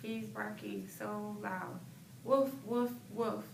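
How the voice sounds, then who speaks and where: A woman's voice: a little high, fairly even intonation, vocal fry, noisy background. Woman doing a mom talking to her toddler, patient, dog-bark noises, echoey room, far from the mic. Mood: playful. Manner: slow, barking like a dog for the child. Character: patient mother playing with a toddler. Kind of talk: scripted parent-child role-play.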